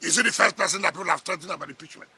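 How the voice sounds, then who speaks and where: A man's voice: sits high, racing, creaky, bright, forceful tone, husky. A middle-aged man with a Nigerian accent, a politician sparring in a heated press interview, combative and scoffing, repeating his words.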